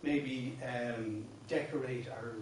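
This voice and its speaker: In a very echoey classroom, an Irish man leads a song workshop, patiently walking through verse patterns with many restarts and bursts of singing. His medium-pitched voice stays steady and slow. He's recorded off-mic on a distant room mic, with a little hiss or hum.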